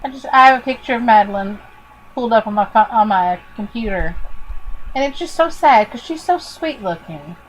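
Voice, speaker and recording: A Kentucky woman co-hosts a podcast, casually chatting and reading out strange news stories with a playful, lightly teasing touch. Her voice sits on the high side and is expressive, at a moderate pace. The audio is poor, with slight background noise.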